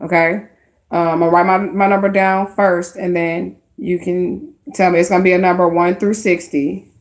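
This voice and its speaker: A woman's voice: lowish voice, level tone, normal speed. Chatty woman giving live card readings. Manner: chatty, informal slang, talks straight to viewers. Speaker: livestream tarot card reader. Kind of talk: casual live-stream reading.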